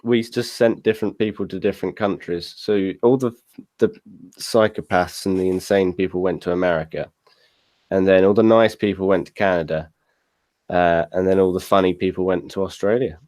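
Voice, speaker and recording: A man's voice: low-pitched, steady tone, normal speed, a little mellow, no room sound. A man joking hesitantly with friends on a video call. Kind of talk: casual video-call chat.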